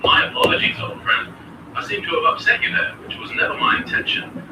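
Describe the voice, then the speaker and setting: A man's voice: brisk, echoey room, far from the mic, heavy background noise. A computer voice of a man acting as a chemistry tutor, polite and formal as he quizzes a student.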